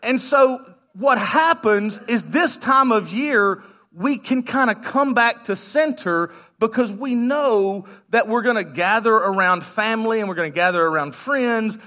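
High, bright-voiced joking man preaching. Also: unhurried. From United States. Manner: joking, conversational preaching to a congregation. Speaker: guest pastor. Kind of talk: sermon. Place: church sanctuary.

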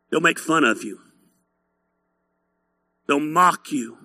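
Animated male pastor preaching, high voice, very bright, dry sound. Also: unhurried, long pauses, no echo. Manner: blunt, teasing, animated preaching. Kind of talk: sermon.

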